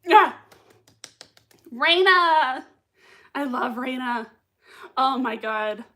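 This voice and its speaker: A woman's voice: on the high side, animated, normal speed, pushed and bright. A young woman hosting a casual livestream, reacting to a TV episode with bubbly, giggly chatter and reading chat comments aloud. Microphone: desk mic with earbuds.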